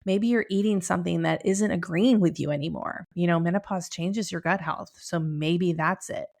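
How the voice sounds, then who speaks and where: A middle-aged woman hosts a wellness talk from her home, upbeat and chatty, often breaking into a laugh. Her voice sits a little low, with a gravelly fry at the ends of phrases. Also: normal speed, a little mellow. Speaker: podcast host. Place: home room with bookshelf.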